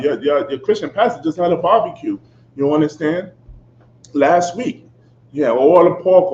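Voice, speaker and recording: A man preaching a fiery sermon, emphatic and confrontational, constantly checking "you understand?" and swinging between loud outbursts and low asides. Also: slight background noise. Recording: echoey, dull, slightly lo-fi with faint ambience.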